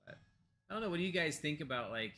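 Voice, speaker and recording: Speaking fast and expressively in a voice on the high side, this American co-host of a pagan discussion show chats casually at his home computer. He uses many fillers and restarts and occasionally murmurs softly to his pets off to the side.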